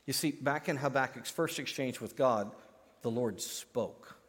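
A man's voice: medium pitch, unhurried, big-room sound. A man preaching a sermon as pastor, telling a joke with acted-out voices before turning to scripture. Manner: animated storytelling, acts out voices in a joke.

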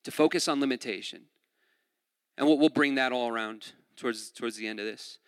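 A man preaching a sermon in a relaxed, conversational way, often saying "like" and repeating words. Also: mid-range voice, brisk, smooth, no echo, clean studio sound, long reverb tail. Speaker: pastor.

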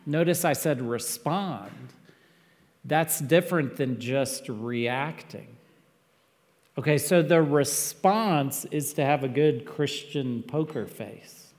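Emphatic preacher in a reverberant hall. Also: male voice, fairly high pitch, slow pace. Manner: earnest, emphatic preaching with sudden loud peaks. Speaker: pastor. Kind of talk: sermon.

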